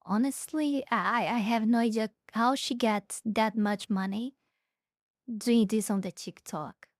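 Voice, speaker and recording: A woman on a live stream comments casually on clips she is watching. She mocks what she hears with sarcasm and often stumbles and restarts. Her voice sits slightly high and sounds dry and close to the mic. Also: dry recording. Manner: sarcastic, mocking asides with halting restarts.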